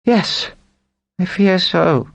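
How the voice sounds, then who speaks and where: Male narrator doing a high, eager scientist, light-voiced. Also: very slow, creaky, no echo, heavily acted. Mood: resigned. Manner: excited, eager. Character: excitable male astronomer, light voice.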